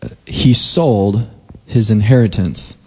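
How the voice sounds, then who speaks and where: Casual preacher in an echoing hall. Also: male voice, on the low side, slow pace, a little mellow, slightly rough. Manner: conversational, loose retellings with voiced quotes, rising to emphatic. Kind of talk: casual sermon retelling scripture. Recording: long hall reverb.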